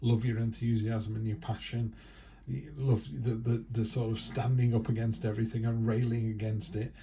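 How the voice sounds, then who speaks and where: A man's voice: lowish voice, level tone, normal speed, a little hiss or hum. A man giving a casual, chatty tarot reading who acts out quoted remarks in other voices. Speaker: tarot reader.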